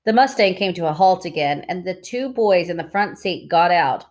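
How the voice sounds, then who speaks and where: A woman with a lowish voice reads a novel aloud, chapter by chapter. Her narration is steady and plain. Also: moderate pace. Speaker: reader.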